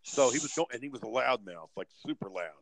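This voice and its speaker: A man's voice: mid-range voice, fast, vocal fry, no echo, poor audio. Profane storytelling man, dry close sound. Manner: profane, animated storyteller who acts out other people's lines. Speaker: podcast co-host. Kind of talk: casual storytelling chat.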